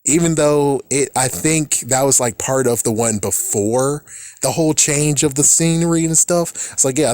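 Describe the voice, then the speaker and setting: A man's voice: mid-range voice, a little mellow, dry recording, clean studio sound. A man rambling through casual commentary on a film, exasperated and swearing often. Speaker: vlogger.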